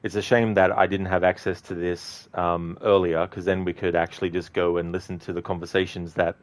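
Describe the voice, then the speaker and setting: Deep-voiced man chatting over gameplay. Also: flat delivery, fairly quick. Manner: laughs often, swears casually, rambling. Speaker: game commentator. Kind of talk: casual gameplay commentary.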